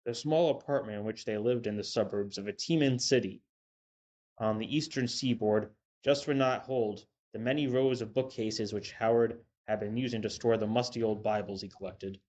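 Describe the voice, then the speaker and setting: A man reading a story aloud in a steady, measured narration. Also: lowish voice. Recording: dull lo-fi with faint hiss.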